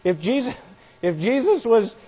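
A man putting on a whiny falsetto voice to mock a male doctrinal critic. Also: big pitch swings, measured pace, warm tone, slightly rough, big-room sound, heavily acted, low-quality recording. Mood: protesting.

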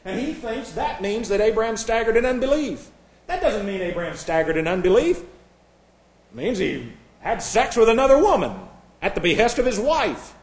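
A fairly high-voiced man preaching with a combative, sarcastic edge. He shifts between quiet, confiding asides and loud, mocking outbursts. The sound carries a noticeable room echo. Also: big pitch swings, moderate pace. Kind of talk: sermon.

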